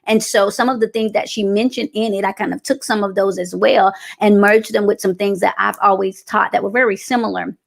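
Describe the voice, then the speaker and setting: A woman's voice: medium pitch, steady tone, fairly quick, gravelly, hardly any pauses. A woman giving a conversational motivational talk on communication, with frequent fillers and restarts. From American South. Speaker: speaker on communication.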